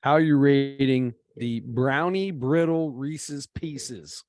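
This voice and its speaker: A man's voice: mid-range voice, slow, darkish tone, no echo, clean studio sound. A man chatting casually as co-host, rambling with restarts while telling a story. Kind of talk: casual chat.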